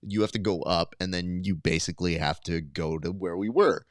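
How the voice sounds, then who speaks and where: A podcast co-host with a low voice and moderate pace tells a story in casual conversation, animatedly acting out the people he quotes. The recording is clean and studio-quality, with no room sound.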